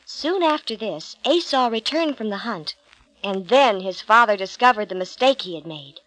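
A woman narrating a children's Bible storybook in an expressive, gentle read-aloud manner. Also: medium pitch, moderate pace, no echo, poor audio.

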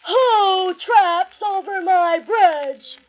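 A woman voicing a big bad male troll who roars his lines slowly and menacingly in a storybook reading. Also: extremely high pitch, pitched above the performer's own voice, heavily acted, rough recording. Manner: slow, drawn-out menacing roar.

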